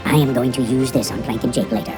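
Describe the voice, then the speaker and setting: A man's voice: medium pitch, steady tone, quick pace, close to an everyday voice. A man voicing a pompous male infomercial narrator, with grand, solemn delivery read over music. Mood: grandiose. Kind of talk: mock-epic ad narration.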